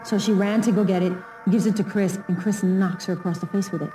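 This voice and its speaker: Woman, mellow tone, earnest documentary interviewee. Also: medium pitch, steady tone, fairly quick, faint music behind. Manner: emphatic, earnest storytelling.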